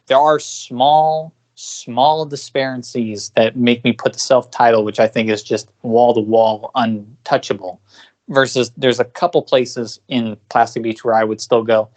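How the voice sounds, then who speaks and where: A man co-hosting a podcast, talking casually in a rambling, animated way with quick asides. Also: mid-range voice. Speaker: podcast co-host. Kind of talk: casual chat.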